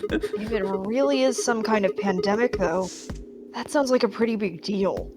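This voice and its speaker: A woman's voice: mid-range voice, normal speed, over music. A woman co-hosting a let's-play podcast, reading a game's narration and making sarcastic asides. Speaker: podcast co-host.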